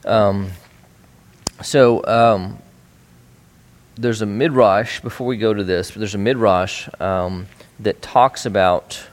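Man leading a bible study, lots of ums and restarts, kinda low voice. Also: steady tone, takes it slowly. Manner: conversational, many fillers and restarts. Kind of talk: casual bible study teaching.

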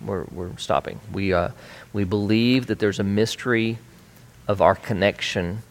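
A man's voice: lowish voice, fairly even intonation, measured pace, slight background noise. A man teaching a bible study in a conversational way, with frequent fillers and restarts.

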